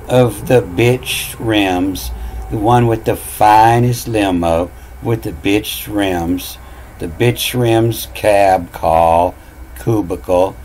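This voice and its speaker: A man's voice: fairly low pitch, a little mellow, poor audio. A man talking through word meanings in a casual monologue, musing aloud, repeating phrases and spelling words out letter by letter. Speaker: channel host.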